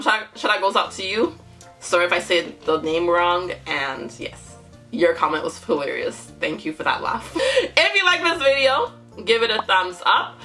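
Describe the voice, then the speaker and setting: A young woman hosting a casual reaction vlog, giggling often and breaking into high exclamations. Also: pushed and bright. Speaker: YouTube reaction host.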